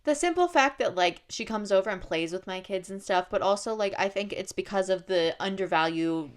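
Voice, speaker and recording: A woman in her twenties, a podcast co-host, telling a story in casual chat with animated restarts and quoted dialogue. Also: mid-range voice, fairly quick, clear, resonant tone.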